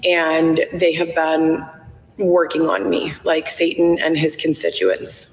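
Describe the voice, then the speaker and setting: A woman's voice: sits low, animated, slow pace. Rambling woman on an echoey live stream. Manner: rambling, frequent "like" and "um".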